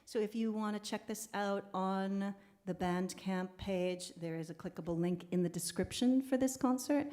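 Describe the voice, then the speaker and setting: A woman's voice: mid-range voice, mellow. A woman hosting a live online concert, chatting casually and laughing easily as she reads viewer comments. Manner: chatty, laughs easily, talks fast when rambling. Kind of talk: live-stream chat between songs, reading viewer comments.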